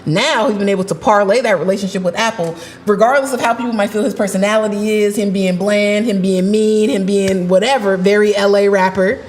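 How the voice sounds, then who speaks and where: A chatty woman co-hosting a laid-back podcast, telling stories in a lively, animated way. Her voice sits at an ordinary pitch for a woman. A faint hiss of noise runs underneath. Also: a little fast, hardly any pauses. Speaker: podcast co-host. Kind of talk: casual podcast chat.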